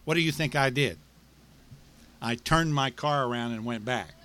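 A middle-aged male pastor delivering a sermon, with rhythmic repetition and dramatic pauses. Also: mid-range voice, bright, forceful tone.

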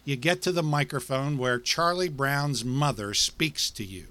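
A middle-aged male pastor delivering a sermon, with rhythmic repetition and dramatic pauses. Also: medium pitch, bright, forceful tone.

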